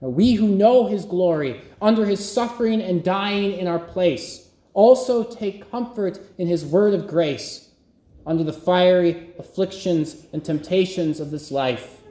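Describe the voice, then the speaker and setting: Guy preaching a sermon real slow, high lively voice, echoey church room. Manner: slow, emphatic preaching with long pauses. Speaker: pastor.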